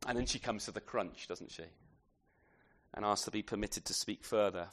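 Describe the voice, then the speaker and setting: A man's voice: on the low side, a bit bright. A man preaching an expository sermon in a conversational way, often ending points with tag questions and restarting his sentences. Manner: halting restarts, repeated words.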